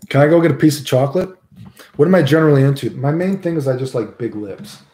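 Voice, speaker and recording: A man's voice: mid-range voice, fast, mellow, reverberant, slight background noise. A man with a Southern American accent, chatting casually with live viewers, rambling, swearing freely and tagging his lines with "right?". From United States. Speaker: livestreamer.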